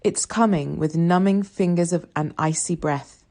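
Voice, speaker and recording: A woman narrates a novel in the first person with a soft, reflective delivery. Her voice sits low and sounds mellow and warm. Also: moderate pace. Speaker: audiobook reader.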